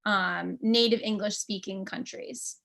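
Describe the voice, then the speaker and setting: Bright-voiced chatty American woman. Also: mid-range voice, steady tone, measured pace, vocal fry. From United States. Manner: chatty, thinks aloud with frequent ums. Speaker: English teaching expert. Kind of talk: casual panel discussion.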